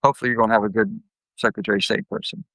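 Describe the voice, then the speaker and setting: An older man, a guest telling blunt, folksy stories and acting out his anecdotes with lively jumps in pitch. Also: racing, vocal fry, dry recording, low-quality recording. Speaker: guest, former senator. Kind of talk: candid storytelling interview.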